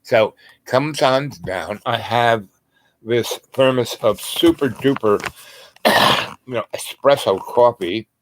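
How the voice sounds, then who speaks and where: A man's voice: medium pitch, slow, slight background noise, low-quality recording. A man telling a long story in a casual, rambling way, full of asides and fillers.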